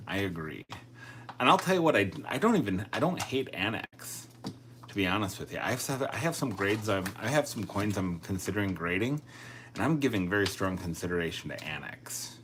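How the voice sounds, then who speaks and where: A man's voice: lowish voice, very animated, fairly quick, fairly bright tone, a little hiss or hum. A man chatting casually on a live stream, thinking aloud and joking at his own expense. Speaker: coin collecting live streamer.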